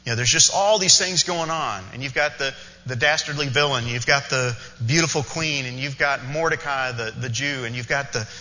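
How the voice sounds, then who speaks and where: A man preaches a sermon with a very bright, sharp voice. He tells the story in an animated way, with quick asides to the congregation. The sound is a little dull and carries the long reverb of a hall. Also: mid-range voice. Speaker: pastor.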